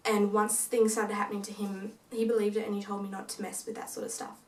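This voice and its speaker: A woman's voice: mid-range voice, quick pace, distant mic. A young woman vlogger casually telling a ghost story, acting out what her family said. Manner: animated retelling that acts out quoted family lines. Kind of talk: casual storytelling of a paranormal experience. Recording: echoey room, voice away from the mic.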